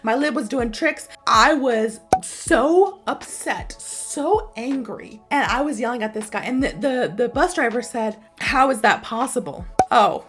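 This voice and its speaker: An American woman teaching English, telling an emphatic personal story and repeating points for stress. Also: fairly high pitch.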